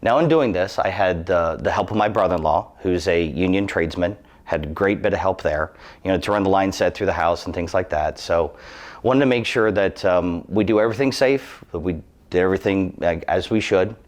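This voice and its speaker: Low-pitched man in his thirties, earnest and cautionary, sharing a personal safety story. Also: fairly quick. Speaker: employee giving a safety testimonial.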